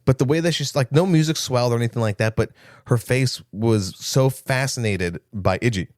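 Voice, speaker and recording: A man's voice: medium pitch, fairly quick, darkish tone, dry recording, clean studio sound. A young man co-hosting a casual movie podcast, recapping scenes with jokes and quoted lines. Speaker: podcast co-host.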